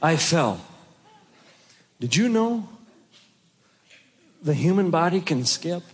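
Lively high-voiced male stand-up comic. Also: slow pace, background noise. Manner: animated storytelling, mimics others with shouted high voices. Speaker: stand-up comedian. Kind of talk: stand-up comedy routine. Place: stage before a live audience.

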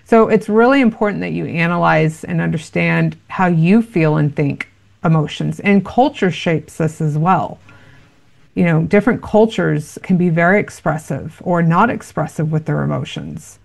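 A woman's voice: low voice, moderate pace, creaky. A woman giving parenting advice in an interview, earnest and explanatory, with many fillers. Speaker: parenting expert guest.

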